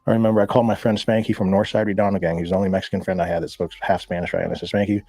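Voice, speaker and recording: A man from Southern California, a guest, telling a profane, animated story in casual talk and acting out the voices of people he quotes. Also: low-pitched, very fast, slightly rough, no room sound.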